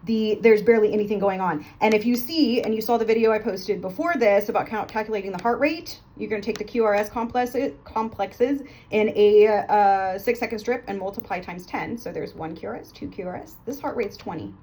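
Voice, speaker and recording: A woman teaching nursing students, telling a playful story quickly and stopping to check in with "okay?" after almost every point. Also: medium pitch, darkish tone, slight background noise. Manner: fast, chatty, playful, keeps checking with "okay?". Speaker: nursing tutor.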